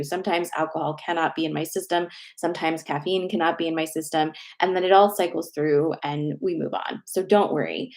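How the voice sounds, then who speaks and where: A woman's voice: fairly low pitch, a little mellow. A woman in her thirties, host of a casual spiritual livestream, giving chatty, reassuring card messages with the odd swear word.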